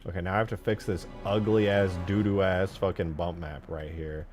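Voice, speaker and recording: A man streaming himself modding a game, excitable and swearing a lot, swinging from low mumbles to sudden yells. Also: moderate pace, soft background music. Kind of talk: live-stream commentary.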